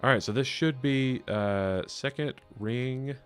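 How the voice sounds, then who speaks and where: A man's voice: medium pitch, takes it slowly. A man streaming a game live, rambling and thinking aloud with lots of fillers and chatty, self-deprecating asides to viewers. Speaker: gaming streamer. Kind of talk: live gameplay commentary. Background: faint game music.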